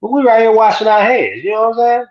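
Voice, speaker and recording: A man's voice: high-pitched, expressive, fast talker, a crowd in the background. A man co-hosting a casual uncensored chat, swearing a lot and asking "you know what I'm saying" again and again. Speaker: podcast co-host. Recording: dull lo-fi sound.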